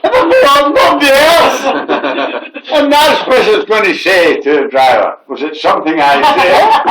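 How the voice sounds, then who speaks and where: A man's voice: high-pitched, wildly swooping pitch, a little slow. A middle-aged man telling a funny story, laughing often and swearing. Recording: echoey room, faint noise.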